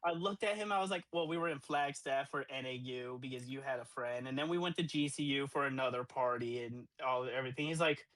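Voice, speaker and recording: A young man in his twenties, co-hosting a podcast and telling a profane, animated party story with acted-out quotes. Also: medium pitch, fast, few pauses, no echo, rough recording. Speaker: podcast co-host. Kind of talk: casual storytelling.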